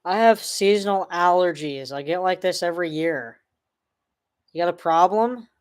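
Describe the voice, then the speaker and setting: A man's voice: high-pitched, moderate pace, clear, resonant tone. A man on a livestream answering trolls, sarcastic and mocking with fake dismay. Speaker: streamer answering online trolls. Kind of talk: casual livestream talk.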